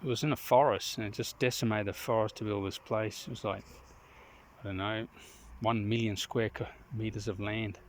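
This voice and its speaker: Rambling man talking outdoors, low voice. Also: fairly even intonation, normal speed, a little hiss or hum. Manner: rambling, opinionated, clears throat often. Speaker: vlogger. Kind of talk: casual outdoor vlog monologue. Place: outdoors in the countryside.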